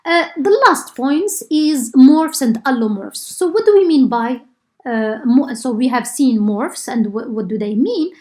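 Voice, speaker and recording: Female lecturer from Morocco, fairly high pitch, explanatory delivery with frequent pauses and "okay?" check-ins. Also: lively intonation, darkish tone. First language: Arabic. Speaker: linguistics lecturer. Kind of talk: university lecture.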